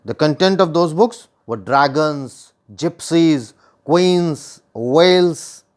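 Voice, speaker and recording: Lively Indian English man explaining a poem. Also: fairly high pitch, slow. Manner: repeats and rephrases points, asks the listener questions. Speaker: teacher.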